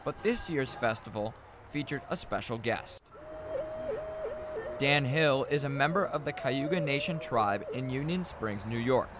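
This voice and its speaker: A young man reading a scripted student news report in a measured way. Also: mid-range voice, animated, over music. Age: young adult.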